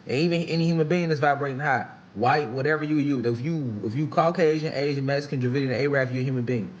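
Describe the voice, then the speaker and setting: A man's voice: mid-range voice, fast, highs cut off, slight background noise. A man speaking in a casual, earnest social media monologue, streetwise and profane.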